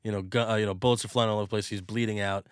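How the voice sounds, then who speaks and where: A man chatting casually about movies, telling stories with sudden bursts of excitement and some swearing. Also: on the low side, racing, clean tone, dry recording, clean studio sound.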